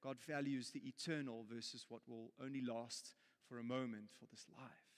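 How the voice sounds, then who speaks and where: A man's voice: medium pitch, steady tone, normal speed, long reverb tail. A man with a South African accent preaching a sermon, telling a story in a jokey, playful way, then turning earnest. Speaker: pastor. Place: church auditorium.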